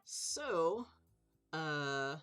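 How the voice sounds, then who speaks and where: Casual woman game master on a stream, swears freely, soft music underneath. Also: sits low, big pitch swings, extremely slow, clear, resonant tone. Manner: chatty, loose, swears casually, laughs often. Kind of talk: running a tabletop game on a live stream.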